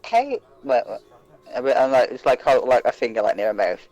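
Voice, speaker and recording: A man plays in a tabletop game over a voice call, his pitch swinging widely as he jokes around. Mid-range voice with faint background music under it. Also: a little fast, rough recording. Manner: playful, jokey, animated. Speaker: player. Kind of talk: casual tabletop play. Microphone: online voice call.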